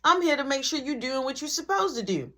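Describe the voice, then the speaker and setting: A woman's voice: sits high, big pitch swings, brisk, sharp tone, pitched above the performer's own voice, exaggerated voice. A woman voicing a stern mother of a teenager, speaking in a cool, pointed, matter-of-fact way. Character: stern, knowing mother of a teen.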